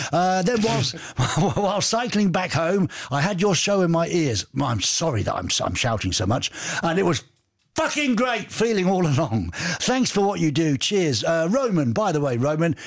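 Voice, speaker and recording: A man's voice: on the high side, big pitch swings, moderate pace, creaky. A man hosting a radio show, reading out listener messages with cheeky jokes and asides. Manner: cheeky, joking, reads messages aloud with asides. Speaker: radio host.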